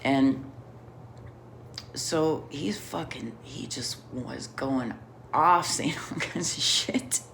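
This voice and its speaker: A woman's voice: sits low, drawn-out words, vocal fry, fairly bright tone, slight background noise. A middle-aged woman telling a rambling personal story in a casual, profane way, laughing often. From Chicago area.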